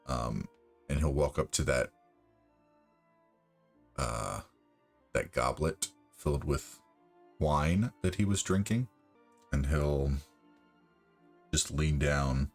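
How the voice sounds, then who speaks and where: A man's voice: extremely low pitch, slow, long pauses, faint music behind. A man playing a tabletop game, asking questions and describing his character's actions. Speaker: player.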